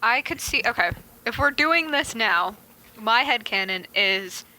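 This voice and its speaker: A woman's voice: on the high side, lively intonation, measured pace, background noise. A woman co-hosting a casual podcast chat, laughing a lot and teasing the others. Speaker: podcast co-host.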